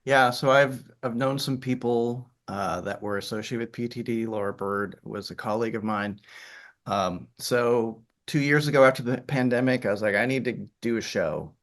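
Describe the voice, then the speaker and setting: Here the middle-aged Yooper theater director speaks at normal speed in a steady, mid-range voice, his faint Upper Peninsula accent audible. He's telling stories in an interview, chatty and peppered with fillers and restarts.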